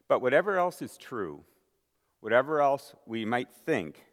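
A man preaching a sermon as pastor, emphatic, building to loud stressed lines with dramatic pauses. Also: on the low side. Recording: long hall reverb.

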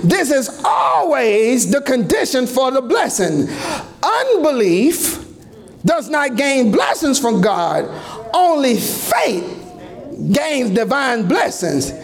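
A man preaching a fervent sermon in a church, shouting and chanting with rising cries. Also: extremely high pitch, sing-song, slow pace, gravelly, few pauses.

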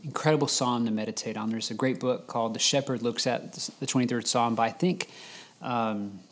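A pastor preaching a sermon at an unhurried pace, reading scripture slowly with long pauses. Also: male voice, mid-range voice, fairly even intonation, fairly bright tone. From United States.

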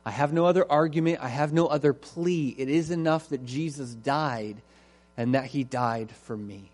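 A man's voice: mid-range voice, normal speed, a little mellow. A man preaching a sermon in an earnest, emphatic way and repeating his key phrases.

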